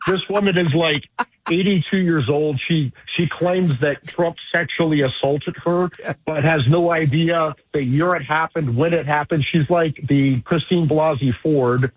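Casting: male radio guest on a phone line, blunt and combative, husky voice, tinny sound. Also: on the high side, a little slow, dry recording. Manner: blunt, insulting, emphatic. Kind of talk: combative political commentary.

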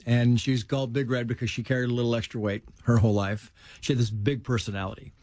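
Lively middle-aged male storyteller, dry sound. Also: medium pitch, quick pace, dry recording. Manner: animated storyteller who acts out quotes in a raised voice. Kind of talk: casual conversation, storytelling.

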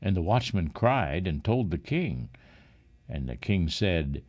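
A man reading scripture aloud in a solemn, measured way. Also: deep voice, big pitch swings, darkish tone, dull audio. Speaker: reader.

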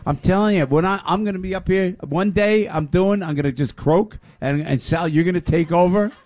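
A man hosting a lively radio show, effusive and often raising his voice. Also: sits high, a little fast, no room sound. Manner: excitable, effusive, raises voice often.

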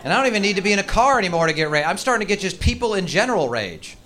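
Profane ranting stand-up comedian. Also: male voice, high-pitched, sing-song, rapid-fire, sharp tone, a faint crowd. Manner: profane, ranting, mock-angry. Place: comedy stage. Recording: noisy live stage recording.

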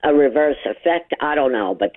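Female caller, blunt, tinny phone line, lively intonation. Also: low-pitched, moderate pace, a crowd in the background. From Long Island, New York. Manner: blunt, outspoken, laughs easily.

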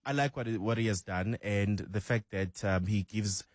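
Laughing, animated young man guest. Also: on the low side, normal speed, no room sound, studio quality. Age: young adult. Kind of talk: casual chat.

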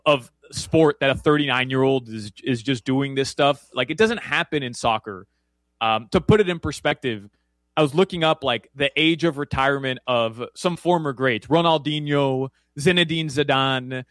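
A man's voice: medium pitch, a bit bright, no room sound. A man giving casual soccer betting picks, rambling with many fillers and restarts. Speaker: soccer analyst guest. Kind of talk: casual sports betting chat.

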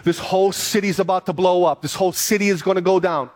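A pastor delivering a sermon in a high, light male voice. He reads the scripture passage aloud, then preaches with emphatic, repeated phrases to drive his points home. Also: steady tone, quick pace.

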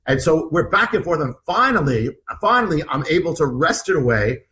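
A man's voice: on the high side, very animated, fairly quick, pushed and bright, slight background noise, low-quality recording. A male author being interviewed, recounting an ordeal in vivid detail, often restarting and repeating his words. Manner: vivid, acts out what others said. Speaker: author guest. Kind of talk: animated interview storytelling.

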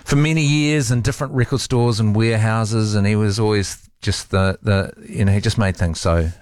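A radio host, a man, speaks about a friend in a halting, heartfelt way, with restarts and soft laughs. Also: lowish voice, fairly even intonation, dry recording, clean studio sound.

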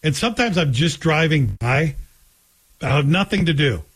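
A man's voice: a little high, very animated, normal speed, a bit bright, slightly rough. A middle-aged man hosting a talk radio show, telling stories in a joking, conversational way. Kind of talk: casual monologue.

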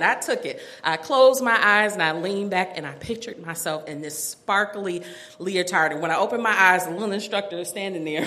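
A middle-aged woman telling a personal story to an audience, animated and self-mocking, laughing often. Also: mid-range voice, moderate pace, a crowd in the background, background noise.

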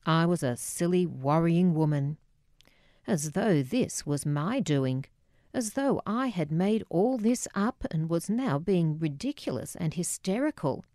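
A woman's voice: on the low side, expressive, measured pace, mellow, no echo. Woman reading her memoir aloud, reflective and a bit wry, takes her time, dry close studio sound. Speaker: narrator. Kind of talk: memoir audiobook narration.

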